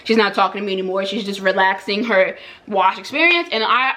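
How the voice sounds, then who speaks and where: A young woman, a hairstylist, chats through a storytime and keeps circling back with "like" and repeated phrases. Her voice sits at an ordinary middle pitch. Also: pushed and bright. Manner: chatty, lots of "like" and repeats. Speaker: hairstylist and vlogger. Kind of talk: casual storytime.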